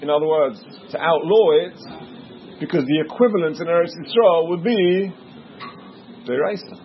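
A man's voice: on the high side, lo-fi sound. A man teaching a Talmud class, asking his listeners questions and stressing each word as he explains.

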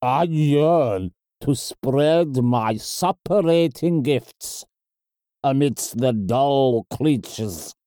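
A man voicing a plague-ridden daemon who savors each word, speaking slowly, loudly and in a strained, altered voice. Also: medium pitch, expressive, dry recording, studio quality. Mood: gloating. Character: gloating plague-ridden male daemon of rot. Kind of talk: audiobook character voice.

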